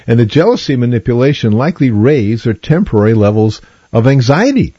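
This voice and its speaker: A chatty male host with a mellow, slightly husky voice, explaining things in plain terms and speaking straight to listeners. The sound is dry and a bit dull, with little high end. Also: expressive, quick pace, no room sound. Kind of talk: casual explanatory talk.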